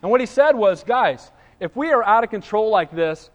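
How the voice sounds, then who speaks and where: A male pastor preaching an expository sermon, animated, acting out quoted voices and asking for the congregation's agreement. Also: high voice, normal speed, big-room sound, highs cut off.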